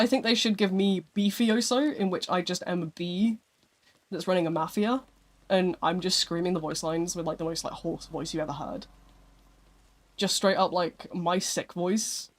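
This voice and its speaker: A live streamer chatting casually with viewers, rambling a little and filling gaps with "like" and "um". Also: medium pitch. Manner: chatty and rambling, with frequent "like" and "um" fillers.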